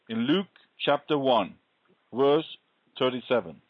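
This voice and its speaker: Earnest guy telling his faith story real slow, dry close sound, kinda dull lo-fi audio. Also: mid-range voice, expressive, dry recording. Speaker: guest sharing a faith testimony. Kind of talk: conversational interview, personal testimony. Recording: dull lo-fi recording.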